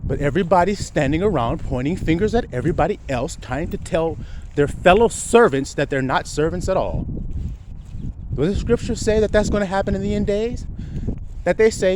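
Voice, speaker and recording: A man preaches informally at a moderate pace, firing off rhetorical questions and occasionally swearing. He swings from a low mutter to loud, emphatic outbursts, with background noise present.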